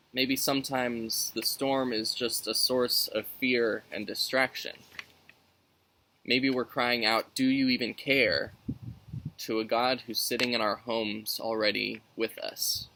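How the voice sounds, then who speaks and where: A man's voice: medium pitch, bright, forceful tone, a little hiss or hum, low-quality recording. A man leading a youth Sunday school lesson outdoors, talking in a friendly, conversational way as he reads and explains scripture. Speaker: youth minister.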